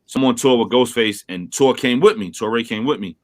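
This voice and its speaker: A man from Brooklyn, a rapper being interviewed over a remote call, telling stories in a casual, animated way and acting out quotes. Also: fairly quick. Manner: animated storyteller, acts out quotes with big pitch jumps. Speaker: rapper guest.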